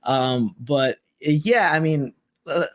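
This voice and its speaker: A man's voice: on the high side, slow pace, no echo, clean studio sound. A man co-hosting a casual wrestling chat over a remote call, rambling with lots of fillers. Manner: rambling, filler-heavy, animated.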